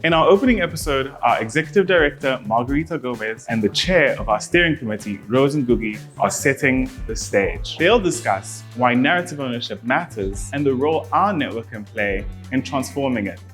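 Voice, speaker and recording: A man's voice: mid-range voice, a bit bright. Upbeat man introducing a show. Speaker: communications specialist, show presenter.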